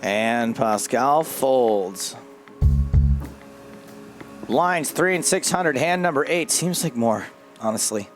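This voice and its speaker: A man's voice: medium pitch, lively intonation, takes it slowly, pauses often. Man commentating poker over music.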